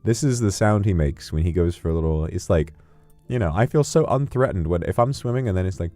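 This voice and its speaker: Playful low-voiced male streamer. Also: brisk, faint music behind. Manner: playful, rambling, pitch leaps up when excited. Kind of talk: casual livestream chat.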